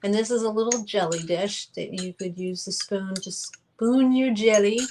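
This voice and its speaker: A woman's voice: medium pitch, normal speed, hardly any pauses, darkish tone, a little hiss or hum, low-quality recording. A woman hosting a live online sale, chatting as she describes items for auction.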